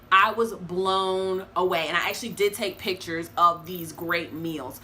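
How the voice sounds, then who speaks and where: A young woman vlogging in a casual, chatty way, animated and talking straight to her viewers. Her voice is bright and clear, with a faint hiss of noise behind it. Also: on the low side, unhurried, hardly any pauses. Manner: chatty, expressive, addresses viewers as y'all. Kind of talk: casual review vlog.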